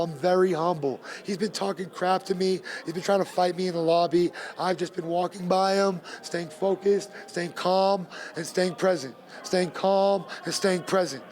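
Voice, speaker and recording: A man, a bare knuckle fighter, talking emphatically in a post-fight interview and repeating his points. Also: high voice. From Gloucester, Massachusetts.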